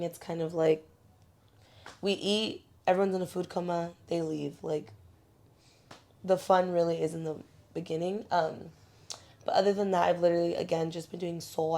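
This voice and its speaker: A young woman co-hosting a podcast in relaxed, casual chat. Her voice sits on the low side, and she talks in a loose, rambling way with plenty of fillers. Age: young adult. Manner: relaxed, chatty, drawn-out speech with fillers. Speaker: podcast co-host.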